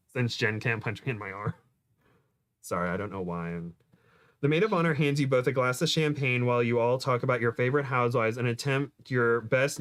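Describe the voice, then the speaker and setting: A man at a medium pitch reads a cheesy story aloud on a casual stream. He breaks off often to laugh and make self-deprecating jokes, then slips back into the narration. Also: fairly quick, a bit bright. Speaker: co-host reading a fan-fiction book aloud. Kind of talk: casual chat and playful reading aloud.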